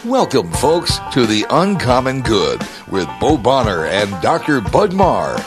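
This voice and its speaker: Lively sing-song male announcer over music. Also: medium pitch, measured pace. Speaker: show intro announcer. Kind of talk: produced show intro over music. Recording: intro voice over loud music.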